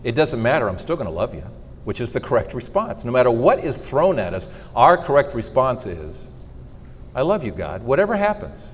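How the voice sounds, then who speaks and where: A man's voice: mid-range voice, a little hiss or hum. A middle-aged man giving an inspirational faith talk to a live audience, telling stories and acting out the dialogue in them. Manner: storytelling, animated, acts out dialogue. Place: school hall. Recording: reverberant hall.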